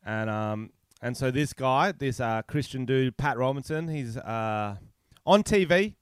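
A man's voice: medium pitch, lively intonation, a little slow, clear, resonant tone, no echo, studio quality. A man co-hosting a podcast over a remote call, rambling through crude jokes. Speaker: podcast co-host. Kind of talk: crude casual banter. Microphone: remote call mic.

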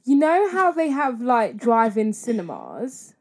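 A woman's voice: a little high, wildly swooping pitch, unhurried. Chatty young woman. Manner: chatty, enthusiastic, slangy. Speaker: podcast co-host. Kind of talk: casual chat.

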